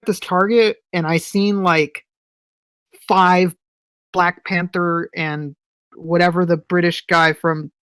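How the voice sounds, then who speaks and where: A man's voice: high voice, flat delivery, slow, a bit bright, clear, resonant tone, no room sound. A man co-hosting a podcast, telling a story in casual chat, swearing freely and acting out what people said. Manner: profane storyteller, acts out quotes. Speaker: podcast co-host.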